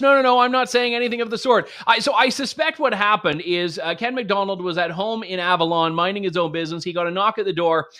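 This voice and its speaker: A man's voice: high voice, fairly bright tone. A man hosting political news commentary, speaking in an opinionated and sarcastic way, full of mocking asides.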